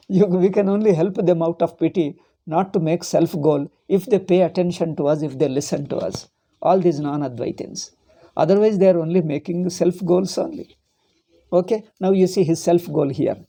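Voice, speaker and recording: A man's voice: high voice, warm tone. A man, a monk teaching a philosophy class, arguing with rhetorical questions and repeating his points. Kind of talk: lecture.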